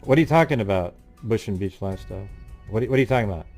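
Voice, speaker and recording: A man's voice: on the low side, lively intonation, rapid-fire, a little mellow, soft background music. Irritable man scolding his livestream chat. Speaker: livestream host.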